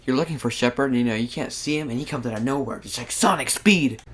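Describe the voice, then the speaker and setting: A man's voice: mid-range voice, fast, over music. A man giving casual, rambling commentary over his gameplay, often restarting his sentences. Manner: rambling, with frequent restarts and filler words. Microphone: new desktop microphone.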